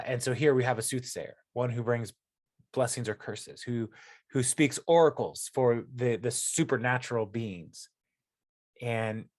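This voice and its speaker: A man giving a casual Bible study talk, first reading a passage aloud and then explaining it in a chatty way with many fillers and restarts. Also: medium pitch. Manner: conversational, many fillers and restarts, laughs at the story. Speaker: Bible teacher.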